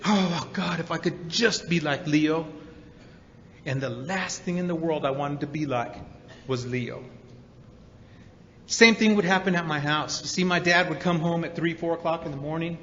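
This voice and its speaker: High bright man telling stories in a hall. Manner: animated storyteller, acts out quotes, many repeated 'and's. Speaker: recovery meeting speaker. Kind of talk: storytelling talk to an audience. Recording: dull recording in a hall with reverb.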